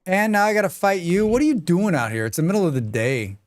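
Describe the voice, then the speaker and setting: A high, lively voice moves along at a quick pace as this man streams a game. Chatty and casual, he reads and answers messages from his viewers, sneezing repeatedly as he goes.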